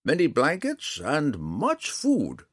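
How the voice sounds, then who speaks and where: A man doing a booming old forest ranger. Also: huge pitch swings, slightly rough, dry recording, clean studio sound, full character voice. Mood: gentle. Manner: slow, booming, theatrical delivery. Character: old male forest ranger, wry, charming, proud.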